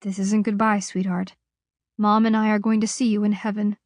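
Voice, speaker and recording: A woman doing a gentle, shaky-voiced father. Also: mid-range voice, flat delivery, normal speed, no room sound, studio quality, close to an everyday voice. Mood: tender. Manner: gentle, voice shaking. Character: loving father facing execution, middle-aged man.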